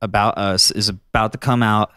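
A man's voice: on the low side, steady tone, moderate pace, sharp tone, clean tone, no room sound. A man hosting a casual studio interview, teasing and joking with his guest. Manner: jokey, teasing, self-deprecating. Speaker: interviewer, host.

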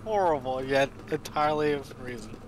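A man's voice: medium pitch, a little fast, slight background noise, rough recording. A man in a casual gaming chat, easygoing and rambling.

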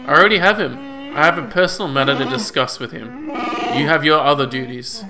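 A man reading a proud, scheming male Wookiee chieftain's lines with slow, pompous proclamations. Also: mid-range voice, crowd noise, natural voice. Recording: game music under voice. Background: game music.

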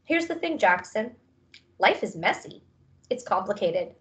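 A woman voicing a gentle, earnest father who speaks softly, in a storybook reading. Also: mid-range voice, sing-song, a little slow. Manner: soft-spoken, earnest.

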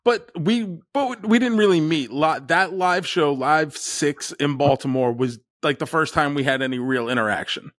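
A man's voice: a little high, moderate pace, hardly any pauses, fairly bright tone, no room sound, clean studio sound. Laughing man telling a story. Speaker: guest. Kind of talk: casual storytelling.

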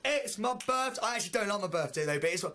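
Excitable laughing young man. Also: high-pitched, fast, shouting, heavy background noise. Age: 20s. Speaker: reality show contestant. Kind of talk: casual chat.

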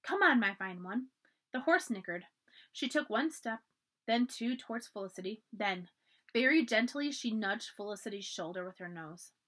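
A woman reads a children's chapter book aloud as a library storyteller, her voice expressive and animated. Her pitch moves a lot, rising and dipping through the narration. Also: moderate pace.

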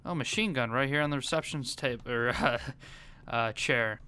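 A man giving gameplay commentary, panicking and pleading in fast repeated bursts. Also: mid-range voice, bright, forceful tone, clear, resonant tone. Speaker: gaming YouTuber.

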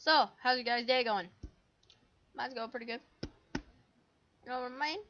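A woman's voice: on the high side, unhurried, pauses often, a bit bright, dull audio, slight background noise. A woman giving casual, goofy commentary while playing a game, full of silly sound effects. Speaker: gamer.

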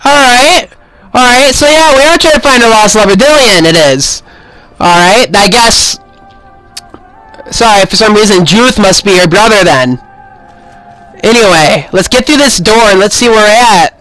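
A young man hosting a let's play, excitable and shouting at the game as he plays. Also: high voice, normal speed, low-quality recording. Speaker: gaming channel host. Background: game music.

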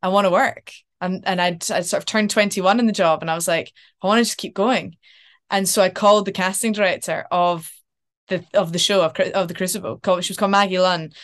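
Animated woman telling stories. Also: fairly low pitch, a little fast. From Scotland. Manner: animated storyteller, casual swearing. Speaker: actor, podcast guest. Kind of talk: casual interview chat.

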